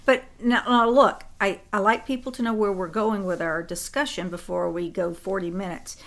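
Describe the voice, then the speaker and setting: A woman co-hosting a political talk show, briskly laying out the topics and asking leading questions. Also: mid-range voice, steady tone, fairly bright tone. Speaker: co-host.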